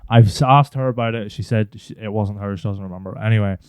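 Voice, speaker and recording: Chatty young man, dark-toned. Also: fairly low pitch, fast talker, smooth, no room sound, clean studio sound. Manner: rambling, swears freely, animated impressions. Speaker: podcast co-host. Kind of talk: casual storytelling chat.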